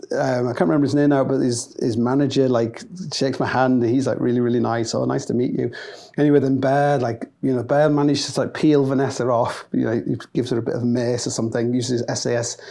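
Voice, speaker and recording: Northern English male storyteller, animated, swears, mimics others, warm low-bright timbre, mid pitch. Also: gravelly. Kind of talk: comic anecdote monologue.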